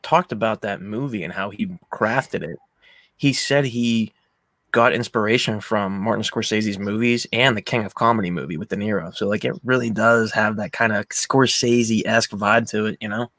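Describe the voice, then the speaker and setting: A young man hosting a casual film podcast, telling stories with animated energy and casual swearing. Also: fairly low pitch, moderate pace, dry recording. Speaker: podcast host.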